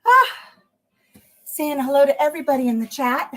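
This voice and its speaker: As she works on cleaning her fridge in her home kitchen, this livestream host keeps up casual chatter with viewers and is a bit out of breath. Her voice is a touch high, and she talks at a normal speed.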